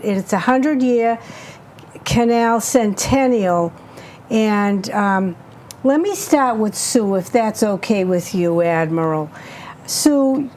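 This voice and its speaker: A woman's voice: medium pitch, a little mellow, a little hiss or hum. A woman hosting a local cable talk show, chatty and gushing as she plugs sponsors and introduces guests.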